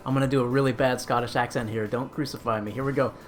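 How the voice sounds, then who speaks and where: A man's voice: mid-range voice, fairly even intonation, quick pace. A man hosting a casual cooking live stream, chatty and rambling as he answers chat.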